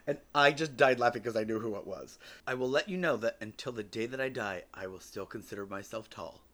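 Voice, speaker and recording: A man in his forties hosts a podcast and tells personal stories in a relaxed, joking manner. His voice sits at a middle pitch, and he swears now and then. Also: fairly quick. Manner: casual, joking, swears freely. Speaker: podcast host.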